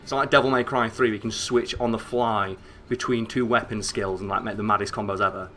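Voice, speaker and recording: Excitable sweary northern English man. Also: fairly low pitch, fast talker, soft background music. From northern England. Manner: excitable, sweary, rambling with frequent "like" fillers. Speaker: streamer. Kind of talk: casual gameplay commentary.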